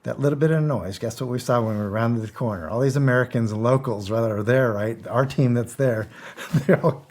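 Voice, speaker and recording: A man's voice: medium pitch, a little fast. A middle-aged man, a guest on an interview show, telling a story in a casual, blunt way, acting out the dialogue and chuckling often. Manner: animated storyteller, acts out quotes, chuckles. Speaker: guest, former security contractor.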